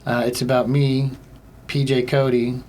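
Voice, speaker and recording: A man's voice: mid-range voice, level tone, a little slow, darkish tone, a little hiss or hum. A young man hosting a casual solo comedy podcast, rambling and self-deprecating, with lots of filler words.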